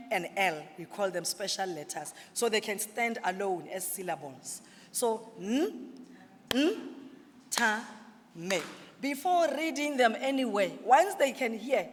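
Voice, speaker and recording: A woman's voice: fairly high pitch, expressive, slight background noise. Woman sounding out syllables in a hall. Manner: explains slowly, sounding out letters and syllables. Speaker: literacy trainer presenting to teachers. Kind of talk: workshop presentation with audience questions. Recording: reverberant hall.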